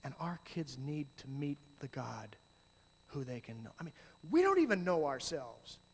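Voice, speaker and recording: A middle-aged man giving a talk on youth ministry, swinging from hushed, slow passages to loud, animated storytelling. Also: on the high side, a little hiss or hum. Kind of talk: conference talk. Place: large hall with audience. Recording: long hall reverb.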